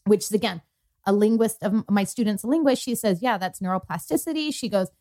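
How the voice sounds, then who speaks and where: A woman's voice: mid-range voice, quick pace, warm tone. A young adult woman co-hosting a podcast, telling a personal story in casual chat, quoting others with lots of fillers. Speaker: podcast co-host.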